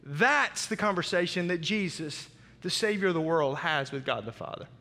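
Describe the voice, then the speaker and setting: A man's voice: fairly high pitch, lively intonation, moderate pace, vocal fry, pushed and bright, long reverb tail. A man preaching a sermon as pastor, emphatic and dramatic, with repeated phrases.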